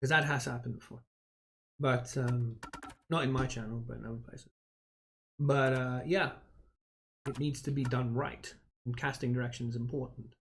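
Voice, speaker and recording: A man's voice: medium pitch, fairly even intonation, normal speed, pauses often, a little hiss or hum. Opinionated man ranting on a live stream. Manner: opinionated, rambling rant with repeated restarts; blunt, swears casually. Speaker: streamer playing a game. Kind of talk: casual live-stream commentary.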